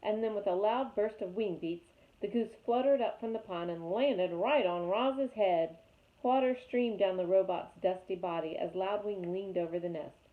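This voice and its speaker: A woman reading a chapter book aloud with lively, expressive storytelling. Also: mid-range voice, moderate pace. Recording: tinny phone-like sound.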